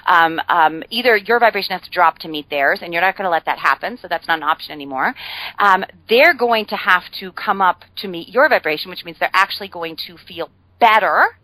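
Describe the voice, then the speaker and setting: A woman's voice: fairly low pitch, animated, fairly quick, sharp tone, no echo, poor audio. A woman guest on a podcast, explaining ideas in a chatty way with frequent fillers and playful humor. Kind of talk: casual podcast conversation.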